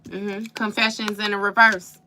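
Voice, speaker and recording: A woman's voice: mid-range voice, level tone, normal speed, background noise. A woman giving a casual live tarot reading, slangy and profane, laughing often and calling the listener baby. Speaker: tarot reader.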